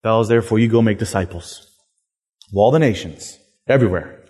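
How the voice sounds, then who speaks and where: A man voicing Jesus as a calm, plain-spoken male leader. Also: fairly low pitch, fairly quick, breathy edge, pitched below the performer's own voice. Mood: commanding. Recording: long hall reverb.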